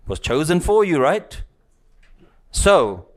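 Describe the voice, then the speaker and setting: A man's voice: on the high side, very animated, a little slow, long pauses. Chatty man teaching a live audience. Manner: conversational, teasing, keeps checking in with "yeah?" and "right?". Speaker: spiritual teacher.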